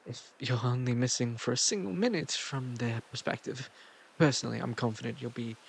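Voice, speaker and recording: A man performs an egotistical god who doats and coaxes in a put-on foreign-sounding lilt, his voice gravelly and a little husky. The pitch swings about with lively movement, and it is recorded close and dry. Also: full character voice. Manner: smug, coaxing, put-on foreign-sounding accent. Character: egotistical possessive male god, smug and doting. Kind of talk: audio role-play.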